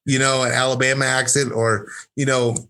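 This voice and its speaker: A brash man rambling through a casual podcast chat. His voice sits at an ordinary middle pitch, and he swears freely while piling up fillers. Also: flat delivery, brisk, bright, forceful tone. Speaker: podcast guest, fight coach.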